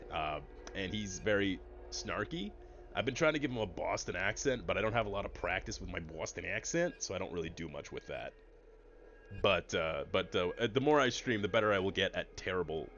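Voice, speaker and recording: Brief: male streamer, low voice with lots of swing, headset mic, slightly dull stream audio. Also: a bit bright, slight background noise. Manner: chatty, explains rules to chat. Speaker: gaming streamer. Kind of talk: casual let's-play commentary.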